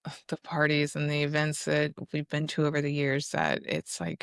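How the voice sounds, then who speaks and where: Gravelly-voiced woman podcast co-host. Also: deep voice, little pitch movement, moderate pace, dry recording, studio quality. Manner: earnest, reflective, speaks in long run-on sentences. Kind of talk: casual chat.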